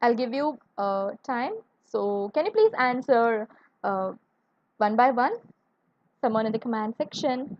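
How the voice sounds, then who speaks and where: A woman's voice: fairly high pitch, animated, a little slow, dry recording, muffled recording. A woman teaching an online English grammar lesson, spelling words out letter by letter and asking viewers to answer.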